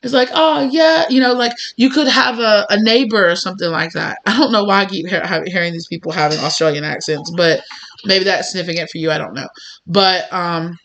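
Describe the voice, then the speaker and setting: Bright-voiced woman giving a rambling tarot reading. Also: fairly low pitch, a little fast. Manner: rambling, conversational, full of "you know" and acted-out mini dialogues. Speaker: tarot reader. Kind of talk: spiritual tarot reading monologue.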